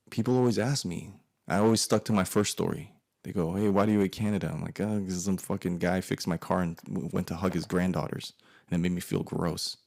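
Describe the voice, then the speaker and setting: A man's voice: low-pitched, gravelly, darkish tone. A man telling a personal story to an audience, emphatic and profane, muttering curses under his breath. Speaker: guest speaker.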